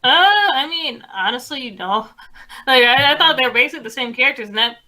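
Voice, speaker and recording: Bright-voiced, laid-back woman. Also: sits high, expressive, a little fast. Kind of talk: casual chat.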